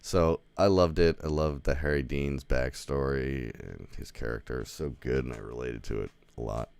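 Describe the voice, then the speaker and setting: A man reviews a movie from home in an off-the-cuff, meandering way, with frequent swearing and "like" fillers. His voice sits extremely low and has a rough, fry-laden texture. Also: moderate pace, hardly any pauses, a little mellow. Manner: rambling, profane, heavy use of "like". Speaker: film reviewer. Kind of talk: casual spoken movie review. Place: home, with a dog nearby.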